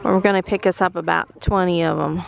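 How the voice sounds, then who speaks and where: A woman's voice: lowish voice, steady tone, fairly quick, vocal fry. A woman chatting casually and offhandedly for a vlog. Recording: loud noisy camera audio with clicks.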